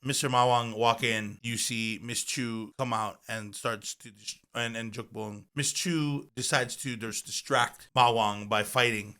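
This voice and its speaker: A man in easygoing chat as a show co-host, with a bright, forceful tone at a middle pitch. He talks loosely, filling his sentences with "like". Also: a little slow, few pauses, clear, resonant tone. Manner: relaxed, conversational, uses lots of "like". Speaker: podcast co-host. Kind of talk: casual chat.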